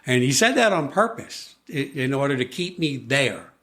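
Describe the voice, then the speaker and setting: Man telling a story with animated quotes. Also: medium pitch, moderate pace. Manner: animated storyteller, acts out quoted voices, frequent restarts. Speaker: podcast guest. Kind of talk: storytelling in conversation.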